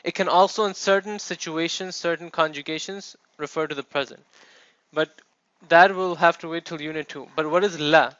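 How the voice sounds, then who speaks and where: A man's voice: a little high, fairly even intonation, moderate pace, a bit bright, no room sound. A man teaching a classroom lecture, explaining step by step and checking in with his students. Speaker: Arabic teacher. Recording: dull, dry classroom recording.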